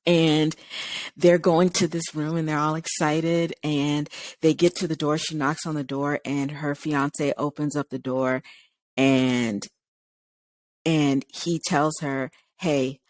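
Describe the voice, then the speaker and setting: A woman's voice: low voice, slow, no room sound. A woman co-hosting a radio talk show, telling a long story casually and acting out the people's lines as she goes. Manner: animated retelling, acting out quoted lines. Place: radio studio.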